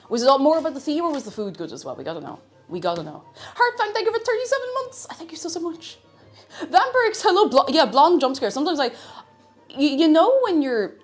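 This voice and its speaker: A young woman streaming from home, chatting brightly with her viewers and greeting them by name. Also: mid-range voice. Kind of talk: casual live-stream chat.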